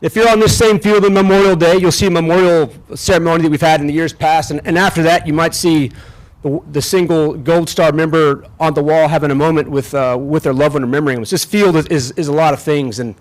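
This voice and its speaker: A middle-aged man addresses a crowd outdoors on a field. He has a fairly high voice and a folksy, self-deprecating delivery. He stops and restarts often as he speaks. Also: fairly even intonation, quick pace. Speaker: general officer speaking at a ceremony. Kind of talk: ceremonial speech with humor.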